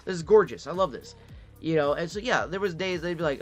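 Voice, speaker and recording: A man's voice: fairly high pitch, lively intonation, a little fast, faint music behind. A man from Detroit in a casual storytelling monologue, swearing freely and acting out the voices of the people he quotes. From Detroit, Michigan. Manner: profane, acts out quoted voices. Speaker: vlogger.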